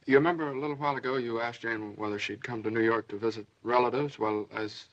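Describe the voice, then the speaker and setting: An actor playing a flustered young newlywed son in a 1930s film, hesitant and stammering. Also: male voice, medium pitch, steady tone, fast, natural voice. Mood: sheepish. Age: young adult. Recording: dull old film soundtrack.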